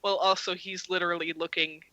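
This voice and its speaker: A woman player narrating her character's actions in a tabletop game, halting, with many ums and restarts. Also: lowish voice, little pitch movement, sharp tone, dry recording, dull audio. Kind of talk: casual tabletop game play.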